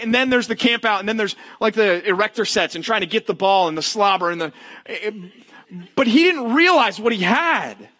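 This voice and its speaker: A young adult male pastor preaching a sermon in a church, telling stories in an animated way and acting out the lines of the people in them. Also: high-pitched, brisk. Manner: animated storytelling, acts out characters' lines.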